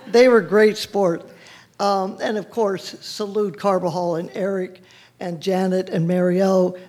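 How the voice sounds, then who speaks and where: A woman's voice: medium pitch, dark tone, slightly rough. A woman giving a rambling, heartfelt thank-you speech at a public board meeting, often breaking off mid-word. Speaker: environmental group leader thanked at a public meeting.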